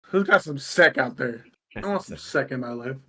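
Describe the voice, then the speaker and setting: A man's voice: mid-range voice, animated, moderate pace, a bit bright. A young man co-hosting a live podcast, blunt and wisecracking, swearing freely. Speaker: podcast co-host. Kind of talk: casual live stream banter.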